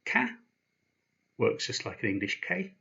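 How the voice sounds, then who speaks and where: A man teaching a language lesson, patient and slow, pausing after each sound he spells out. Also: medium pitch, sing-song, vocal fry, sharp tone, muffled recording. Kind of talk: explaining slowly, with pauses.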